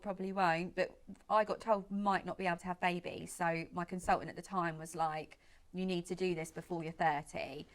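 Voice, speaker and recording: Chatty woman in her late 20s telling a long story, says "like" a lot, acts out what people said. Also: lowish voice. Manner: chatty, lots of "like" and reported speech. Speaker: guest, make-up artist. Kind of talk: casual chat, storytelling.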